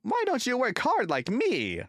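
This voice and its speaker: A man's voice: wildly swooping pitch, measured pace, dry recording, studio quality, exaggerated voice. A man voicing a cheeky, boastful little tank engine who teases the big engines with whistling calls in a storybook reading. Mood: teasing. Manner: teasing, shrill whistling calls.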